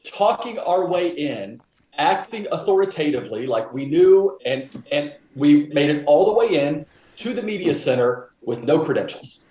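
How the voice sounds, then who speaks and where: A man co-hosting a casual podcast, telling stories in an animated, self-defending way. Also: on the high side, moderate pace. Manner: animated storyteller, defending himself. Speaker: podcast co-host. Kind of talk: casual chat. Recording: roomy echo.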